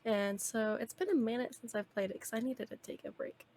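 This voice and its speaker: A woman's voice: fairly high pitch, brisk, a little mellow, slight background noise. A young woman streaming a video game, chatting casually in a rambling way and laughing often.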